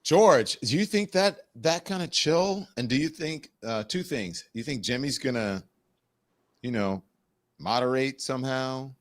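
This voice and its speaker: A man's voice: mid-range voice, expressive, measured pace. A man hosting a comedy panel over a video call, making playful, upbeat introductions. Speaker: host.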